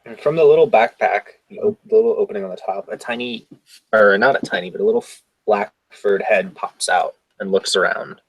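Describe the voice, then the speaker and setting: Low-voiced man describing his character. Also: sing-song, a little fast, gravelly, breathy edge, no echo, poor audio. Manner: rambling, self-correcting descriptions. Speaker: player.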